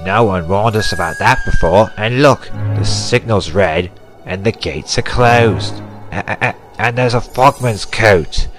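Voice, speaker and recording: A man voicing a steady, sensible male engine driver who speaks in a level, quietly cautious way, with music behind. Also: on the low side, a little slow, close to an everyday voice.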